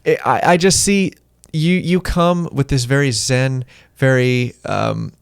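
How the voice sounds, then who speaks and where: A man talks through everyday advice in an offhand, rambling way, with a middle-pitched voice and very dry, close sound. He slips into quick acted-out exchanges as he goes. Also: gravelly, clean tone, dry recording. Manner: rambling, offhand, acts out little dialogues. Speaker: podcast co-host. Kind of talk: casual advice chat.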